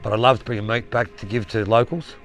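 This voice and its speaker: A man's voice: lowish voice, steady tone, fairly quick, fairly bright tone, faint music behind. An Australian man telling a rambling yarn in casual spoken style, blunt and swearing freely. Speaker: storyteller.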